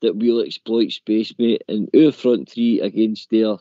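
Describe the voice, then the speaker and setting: A man's voice: on the low side, measured pace, mellow, no room sound. Man hosting a football phone-in, opinionated and stumbling, dry close sound, slightly dull audio. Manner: opinionated, repeats words, says "mate" and "in my opinion". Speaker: phone-in host. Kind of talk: casual football phone-in chat.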